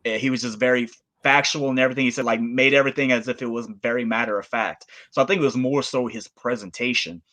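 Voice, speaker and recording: Bright-voiced male co-host. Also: mid-range voice, steady tone, fast, few pauses. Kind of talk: casual sports talk chat.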